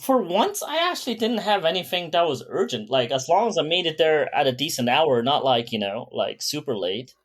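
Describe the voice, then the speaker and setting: A man's voice: on the high side, big pitch swings, brisk, hardly any pauses, breathy edge. A man co-hosting a podcast in casual chat, laid-back and laughing as he tells stories. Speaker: podcast co-host.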